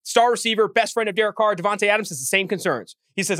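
A man co-hosting a sports podcast, his high voice bright and pressing as he rattles off arguments at speed. The sound is close and dry, with no room around it. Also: lively intonation, dry recording. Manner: fast, heated ranting. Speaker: podcast co-host.

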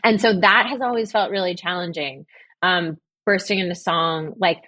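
Low-voiced woman, gushing podcast guest. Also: moderate pace, pushed and bright, no room sound. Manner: enthusiastic, effusive. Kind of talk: casual interview chat.

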